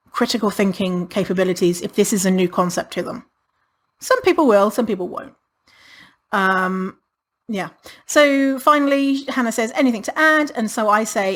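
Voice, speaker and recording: A woman hosting a podcast in a casual solo monologue, blunt and sarcastic, swearing freely and laughing often. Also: mid-range voice. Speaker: podcast host.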